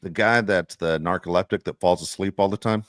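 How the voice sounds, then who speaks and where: Deep-voiced man ranting on a podcast. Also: fairly even intonation, fairly quick, fairly bright tone, no echo, studio quality. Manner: heated, profane, repeats "dude". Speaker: podcast co-host. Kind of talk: casual podcast rant.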